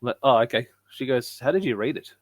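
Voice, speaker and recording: A man's voice: mid-range voice, lively intonation, fast, no room sound. A man chatting casually as a podcast co-host, telling stories and acting out what his wife said. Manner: chatty storyteller, acts out his wife's lines.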